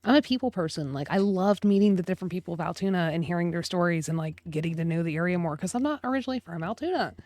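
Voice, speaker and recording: A woman's voice: fairly low pitch, very fast, hardly any pauses, darkish tone, no echo. A young woman from central Pennsylvania co-hosting a podcast, telling stories in casual chat and swearing now and then. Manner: chatty storyteller, swears casually. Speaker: podcast co-host.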